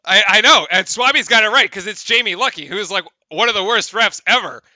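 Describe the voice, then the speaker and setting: Young male fan-streamer, high-ish bright voice, exasperated play-by-play, dry close mic. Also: brisk, dry recording. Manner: exasperated, incredulous, laughing at calls, rambling restarts. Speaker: streamer doing live play-by-play. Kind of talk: live fan commentary.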